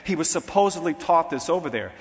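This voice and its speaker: A man's voice: fairly high pitch, lively intonation, quick pace. Emphatic male preacher in a reverberant hall. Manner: emphatic, questioning the listeners directly. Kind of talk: sermon to young people.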